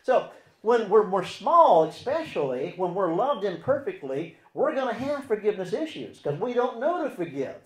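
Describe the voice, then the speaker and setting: Guy preaching, keeps asking the crowd questions, goes loud then real quiet, echoey room. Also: high voice, big pitch swings, normal speed. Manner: asks the listeners frequent rhetorical questions; swings between loud emphatic stretches and quiet near-murmured asides. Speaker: Christian relationship teacher. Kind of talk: sermon-style teaching.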